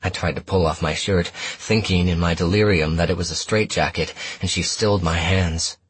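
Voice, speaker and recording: A man narrating a first-person story in a measured, steady audiobook reading. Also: low voice, breathy edge, no room sound.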